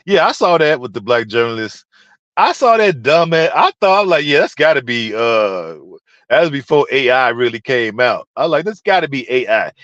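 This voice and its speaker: A vlogger ranting to viewers in an animated, profane way, laughing often. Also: medium pitch, moderate pace, dry recording, dull audio.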